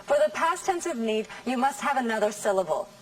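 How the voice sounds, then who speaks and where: A woman teaching English in a scripted classroom lesson, saying model sentences slowly and carefully. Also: a little high, animated, recorded from a distance, low-quality recording. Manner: slow, careful, over-articulated model sentences.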